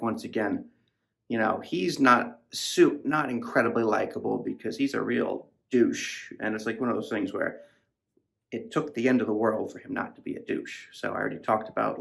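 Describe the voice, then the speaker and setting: A man's voice: on the low side, vocal fry. A man hosting a podcast, rambling casually about a novel in a profane, filler-heavy way. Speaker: podcast host reviewing a novel. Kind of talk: casual book discussion.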